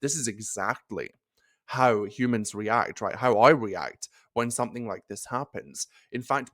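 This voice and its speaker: A man's voice: fairly low pitch, a bit bright, no room sound, studio quality. Chatty Australian man hosting a podcast. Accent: Australian with a Scottish tinge. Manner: chatty, playful, laughs easily. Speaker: podcast host and nurse coach. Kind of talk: casual solo podcast talk.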